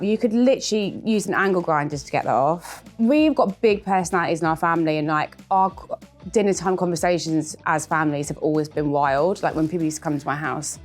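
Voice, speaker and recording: A woman, chatting candidly and self-mockingly while reacting to old clips. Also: sits low. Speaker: reality TV star.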